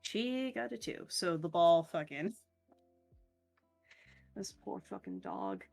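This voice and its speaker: Woman gm narrating a tabletop game, slow and kinda low, swears casually, quiet music behind. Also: huge pitch swings, gravelly. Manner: casual, swears, halting with fillers. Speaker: game master.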